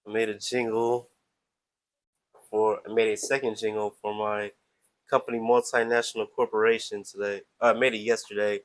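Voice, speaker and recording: A man's voice: lowish voice, flat delivery, normal speed, rough recording. Playful, chatty man hosting a stream. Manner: playful, chatty, self-promoting. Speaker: live stream host. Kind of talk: casual live-stream monologue.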